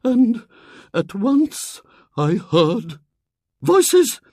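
A high, loud, melodramatic lady psychic in a storybook, quavering and declaiming; very dry sound. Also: big pitch swings, very slow, dry recording, full character voice. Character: pompous middle-aged spinster psychic, melodramatic. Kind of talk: audiobook character voice.

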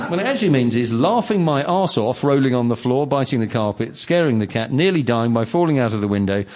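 A man's voice: mid-range voice, animated, quick pace, a little mellow, a little hiss or hum. A man hosting a comedy panel quiz, posing questions in a playful, teasing manner before a live audience. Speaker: quiz host.

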